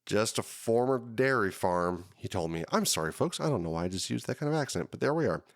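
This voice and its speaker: Deep-voiced man narrating like a noir detective. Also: sing-song, gravelly, no room sound, studio quality. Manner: dramatic, drawn-out noir delivery. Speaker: podcast host. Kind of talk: hardboiled detective-style narration.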